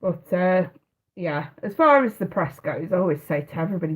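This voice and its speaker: A woman's voice: on the low side, moderate pace, husky, phone-quality sound. A woman, hosting a live tarot stream in casual, hesitant chat and laughing often. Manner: chatty, hesitant, often restarting, laughs a lot.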